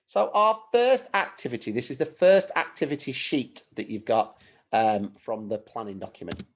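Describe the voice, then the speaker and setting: Husky male teacher, lively delivery. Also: medium pitch, moderate pace. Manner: patient, clear instructions to children with rhetorical questions. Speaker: primary school teacher. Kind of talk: recorded online lesson for young children. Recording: dull lo-fi recording.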